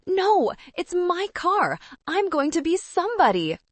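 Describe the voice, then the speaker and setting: A woman's voice: very high-pitched, sing-song, slow pace, no echo, pitched above the performer's own voice, exaggerated voice. A woman voicing a spoiled young man who screams and wails in a panic. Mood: frantic. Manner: screaming, wailing, sobbing.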